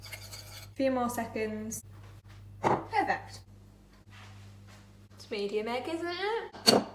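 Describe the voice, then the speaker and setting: A hoarse young woman, chatting casually through a home baking vlog, self-deprecating and talkative. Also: on the high side, animated, slow, sharp tone. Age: young adult. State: hoarse, lost voice. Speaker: vlogger. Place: home kitchen. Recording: echoey kitchen, faint noise.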